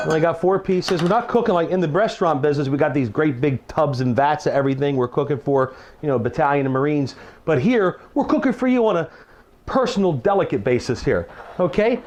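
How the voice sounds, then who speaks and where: In a home kitchen, a middle-aged chef with a rather high, somewhat mellow voice walks through a recipe in a casual cooking demonstration. He chats in a folksy style, adding teacherly asides and restarting phrases, with a little background noise audible.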